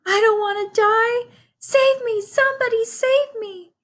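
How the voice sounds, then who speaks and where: A woman voicing a frightened young male pig who screams and sobs in a shrill voice, reading a storybook aloud. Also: animated, takes it slowly, vocal fry, full character voice. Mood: panicked.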